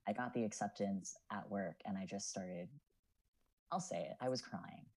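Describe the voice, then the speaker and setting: A young man in his twenties chats as a guest on a casual podcast. His voice is mellow and husky, and he talks earnestly and thoughtfully, with lots of "um"s. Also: fairly low pitch, normal speed, poor audio. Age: 20s. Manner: reflective, earnest, with many fillers. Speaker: podcast guest, student writer.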